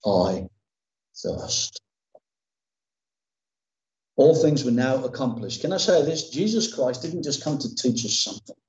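A man's voice: medium pitch, animated, brisk, hardly any pauses, a little mellow, echoey room, low-quality recording. A man preaching a sermon as pastor, emphatic and dramatic in his delivery. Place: church.

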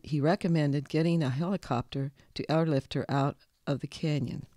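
Man, scripted narration, calm, measured, fairly high voice, dry close recording. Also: dry recording.

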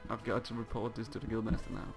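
A man's voice: lowish voice, monotone, quick pace, soft background music, natural voice. A man voicing a strict, pompous parrot Pokemon who scolds his apprentices in a video game. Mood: stern. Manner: scolding, bossy, hesitant when nervous.

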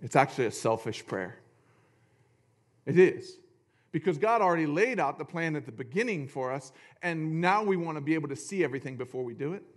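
A man preaching a sermon in a church, animated and jokey, reading scripture aloud between asides. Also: fairly high pitch, brisk. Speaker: pastor.

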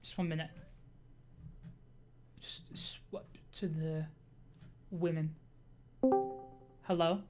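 A woman live-streaming a game, chatting casually with her viewers, reacting out loud, swearing and laughing often. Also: deep voice, level tone, drawn-out words, pauses often, loud music behind the voice. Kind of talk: casual gaming commentary.

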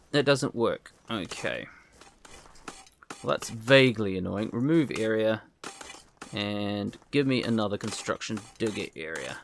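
Lively man rambling over gameplay. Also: lowish voice, creaky, slight background noise. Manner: rambling, self-deprecating, talks to himself. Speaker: let's play host. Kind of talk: casual gameplay commentary.

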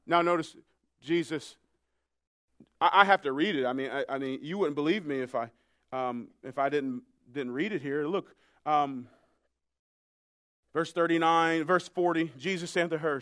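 A male pastor preaching a sermon, swinging from hushed, near-whispered passages to loud shouted climaxes. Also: fairly high pitch, normal speed, long pauses, dry recording, studio quality. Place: church sanctuary.

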